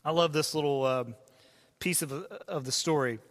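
A man who is a pastor, preaching a sermon in a conversational way and dropping to hushed tones for quoted voices. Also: on the high side, normal speed. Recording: long hall reverb.

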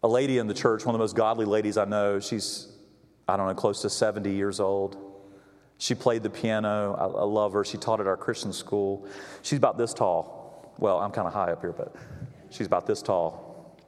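A man's voice: on the low side, steady tone, moderate pace, darkish tone. A male pastor preaching a storytelling sermon from a church stage, folksy and chatty, with frequent restarts. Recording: echoey church hall.

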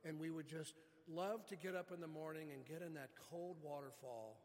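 A man's voice: a little high, normal speed, darkish tone, long reverb tail. A man preaching a sermon as pastor, earnest, stretching key words for emphasis.

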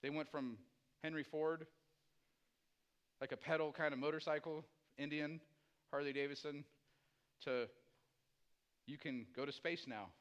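A man preaching a sermon as pastor, swinging from hushed, low asides to loud, climbing emphasis. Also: steady tone, unhurried, long pauses, smooth, highs cut off.

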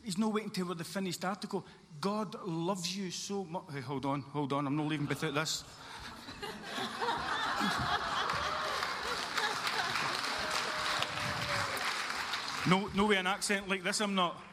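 A pastor delivers a sermon, earnest and building through repeated phrases. His voice sits a little high for a man, and it rings out through a reverberant church hall with faint room ambience behind him. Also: a little fast, hardly any pauses, a crowd in the background, background noise. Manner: earnest, repetitive emphatic cadence.

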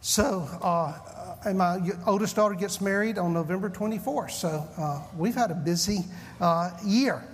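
A Southern US man in his fifties, preaching with an easygoing, self-mocking warmth of storytelling. His voice sits fairly high for a man, and a long hall reverb trails behind every phrase. He sounds like a pastor at a church pulpit. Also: normal speed. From Southern United States. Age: 50s. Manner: folksy, self-deprecating storyteller. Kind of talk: humorous sermon opening.

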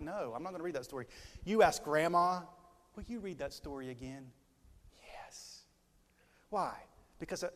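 A male pastor preaching a sermon in a lively way, putting questions to his congregation. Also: a little high. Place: church sanctuary. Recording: long hall reverb from a church.

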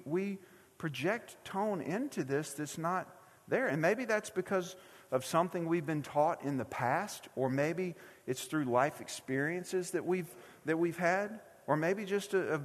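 High-voiced male pastor, reverberant hall. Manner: conversational, asks the congregation many questions. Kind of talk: sermon. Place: church sanctuary.

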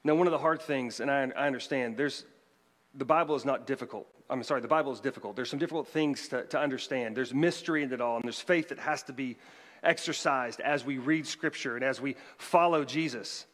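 A man's voice: mid-range voice, brisk, fairly bright tone. A man, a pastor, delivering a conversational sermon with joking asides to the congregation. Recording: long hall reverb.

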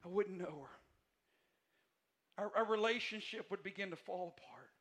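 Male pastor, high bright voice, emphatic repetitive sermon delivery. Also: normal speed. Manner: repetitive, emphatic preaching with swings between soft and loud passages. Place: church sanctuary.

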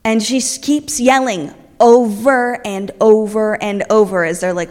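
Animated woman preacher retelling a story. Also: medium pitch, measured pace, long reverb tail. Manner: animated retelling, voicing the characters. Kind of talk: lively sermon storytelling.

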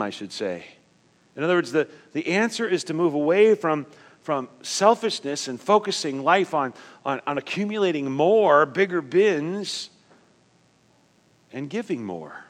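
A man preaching a sermon as pastor, swinging from emphatic loud points to quiet, low asides. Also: sing-song, measured pace, in a large hall.

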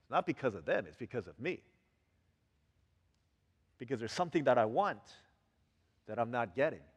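A man giving a sermon as pastor, telling everyday stories and acting out quoted lines with lots of energy. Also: on the high side. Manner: animated storytelling with acted-out quotes. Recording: long hall reverb.

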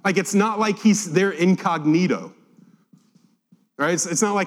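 A man's voice: high-pitched, moderate pace. A man preaching a Bible-teaching sermon, reading scripture aloud and acting out the quotes with animation. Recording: long hall reverb.

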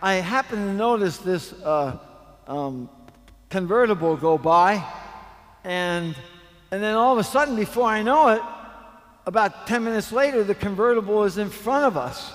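A man preaching a sermon, telling a story slowly and building to fervent emphasis. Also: high voice, animated, in a large hall. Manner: storytelling, slow and emphatic, rising to fervent peaks. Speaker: pastor.

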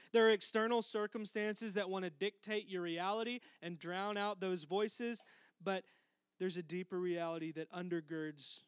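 A middle-aged man preaching a sermon as pastor, earnest, dropping to a soft hush for tender lines. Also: high voice, smooth, no echo.

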